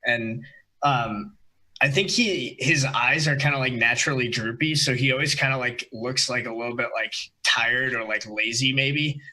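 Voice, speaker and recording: A man's voice: mid-range voice, moderate pace, poor audio. A man playing a tabletop game, describing his character casually with lots of "like". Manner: casual, relaxed, hedging with "like". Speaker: player.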